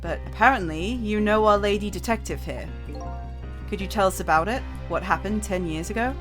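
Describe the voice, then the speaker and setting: A woman streamer voicing a solemn man who muses on gods and fate, in a deliberately lowered, grave voice while reading game dialogue aloud. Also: faint music behind, lightly acted. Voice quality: low put-on voice.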